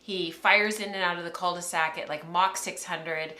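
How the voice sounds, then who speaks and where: A woman in her thirties chats on a livestream from home, rambling along and laughing easily as she talks to the camera. Her voice is bright and clear, and the room around her adds a noticeable echo. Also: on the low side, fairly even intonation, normal speed. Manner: chatty, rambling, laughs often. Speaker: podcast host. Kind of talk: casual livestream chat.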